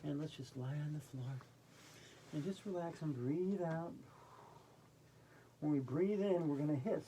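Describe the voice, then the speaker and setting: A woman leading a silly children's yoga lesson, playful, with soft and calm breathing cues. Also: low-pitched, measured pace, slight background noise. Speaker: kids yoga instructor.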